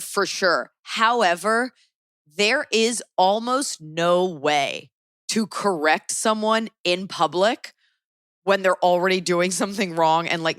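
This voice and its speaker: A woman's voice: on the low side, no room sound. Opinionated woman podcast host, dry mic. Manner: opinionated, animated, quick asides. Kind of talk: casual chat.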